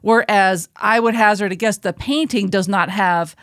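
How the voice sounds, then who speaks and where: A woman's voice: mid-range voice, moderate pace, fairly bright tone, no room sound, clean studio sound. A woman co-hosting a podcast in casual chat, explaining her views in a thoughtful, earnest way. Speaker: podcast co-host.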